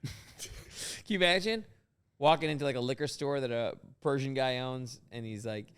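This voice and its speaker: A man's voice: mid-range voice, normal speed, a bit bright, clean tone. A man hosting a comedy podcast, joking crudely and laughing a lot in casual chat. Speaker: podcast host.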